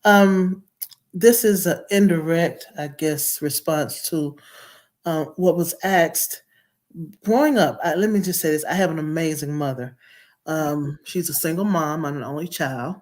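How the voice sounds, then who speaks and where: A woman's voice: sits low, measured pace, darkish tone. A middle-aged woman guest telling her childhood story in an earnest, reflective way. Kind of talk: personal storytelling.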